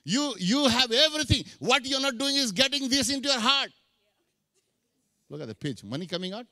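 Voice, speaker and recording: A man's voice: very high-pitched, very animated, normal speed, sharp tone, no room sound. A middle-aged man preaching a sermon, mixing English with Hindi phrases. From India. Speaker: pastor.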